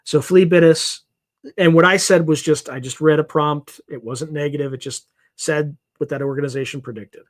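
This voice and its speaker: A man hosting a livestream and reading out viewer comments, talking fast and animated on extra caffeine. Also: a little high. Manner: wired on caffeine, rapid and animated. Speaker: livestream host.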